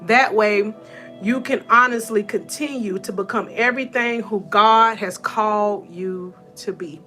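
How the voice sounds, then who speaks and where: A woman's voice: mid-range voice, measured pace, sharp tone, faint music behind. A woman in her thirties from North Georgia with a Georgia Southern accent, giving a motivational live-stream talk from her room. She greets viewers with sweet endearments and laughs often. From North Georgia, USA. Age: 30s. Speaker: motivational coach.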